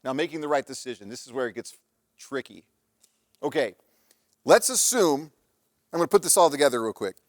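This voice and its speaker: A man's voice: mid-range voice, animated, brisk, long pauses, dry recording, clean studio sound. A man giving a live talk on relationships, telling anecdotes in a conversational way with frequent restarts. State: married father. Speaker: presenter on relationships and parenting.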